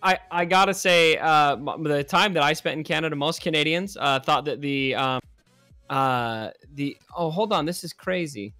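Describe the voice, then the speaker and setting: Casting: young male co-host, fairly high voice, excitable gaming chat, faint music behind. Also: normal speed, dry recording. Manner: chatty, excitable, laughs often. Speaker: podcast co-host. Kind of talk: casual gaming chat, reading comments.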